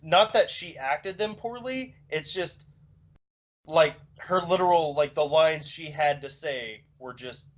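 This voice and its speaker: Male podcast co-host, casual and halting, slightly raised pitch, dull audio. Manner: rambling, many fillers and restarts. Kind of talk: casual chat.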